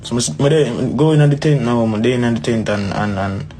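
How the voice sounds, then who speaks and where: Young man, rambling storyteller, mellow dark tone. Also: mid-range voice, moderate pace, a little hiss or hum, rough recording. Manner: rambling, repetitive, peppered with bro and dog. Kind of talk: interview clip, personal story.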